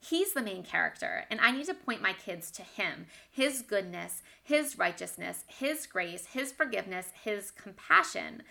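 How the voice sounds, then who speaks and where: Bright-voiced woman giving a devotional talk. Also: mid-range voice, big pitch swings, a little slow, vocal fry, hardly any pauses. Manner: candid and conversational, laughs often at herself. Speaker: Bible teacher for Christian moms.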